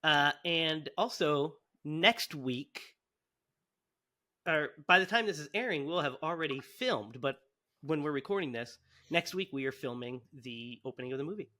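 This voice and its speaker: A man's voice: fairly high pitch, lively intonation, moderate pace, bright, forceful tone. A man co-hosting a podcast in casual chat, teasing and easygoing as he wraps up the show. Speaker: podcast co-host.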